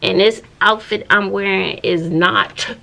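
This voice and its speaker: A woman teacher with a Southern US accent, chatting in a casual vlog from her classroom, animated, with folksy asides. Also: medium pitch, takes it slowly, vocal fry. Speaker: teacher and vlogger. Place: classroom at school.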